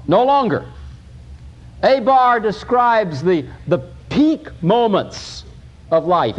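A man preaching a sermon, emphatic, with pauses and restarts. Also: high voice, muffled recording.

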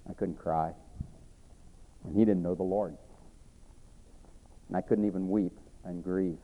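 A man preaching and telling his own conversion story in an earnest way, repeating himself, rising and then dropping to a hush. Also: deep voice, fairly even intonation, unhurried. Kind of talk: sermon testimony storytelling. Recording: tinny phone-like sound.

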